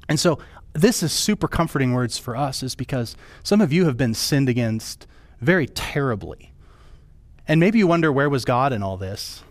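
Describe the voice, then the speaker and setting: A man's voice: on the high side, no room sound. Fervent male preacher, dry close sound. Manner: expressive preaching, voice rising and dropping for emphasis. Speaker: pastor. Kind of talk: sermon.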